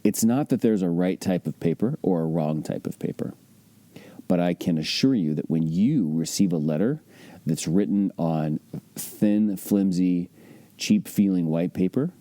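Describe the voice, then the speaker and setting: A man's voice: low voice, unhurried, mellow, no echo. A man teaching real estate investing in a conversational, emphatic way, often asking rhetorical questions. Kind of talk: instructional podcast talk.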